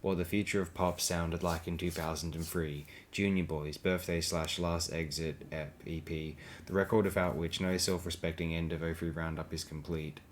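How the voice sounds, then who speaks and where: A man's voice: low-pitched, steady tone, normal speed, hardly any pauses, slight background noise. A man reading blog posts aloud as an audiobook, with a dry, sardonic delivery. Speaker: audiobook reader.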